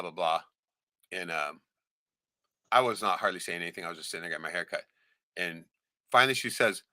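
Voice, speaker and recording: An animated man telling a story on his podcast, cursing freely and tagging "right?" onto nearly every line. His voice is bright and forward, with a lively, swooping pitch, and it sounds dry and close to the mic. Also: dry recording. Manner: profane, animated, keeps asking "right?"; acts out quoted voices, shouting them. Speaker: podcast host. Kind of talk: casual storytelling chat.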